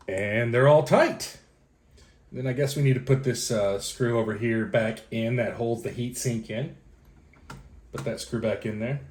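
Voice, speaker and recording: A man's voice: medium pitch, expressive, moderate pace, a little mellow. Chatty joking man fixing a computer. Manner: joking, self-mocking, chatting to viewers; narrates each step aloud as he works. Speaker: host of a computer repair channel. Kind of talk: casual hands-on repair walkthrough.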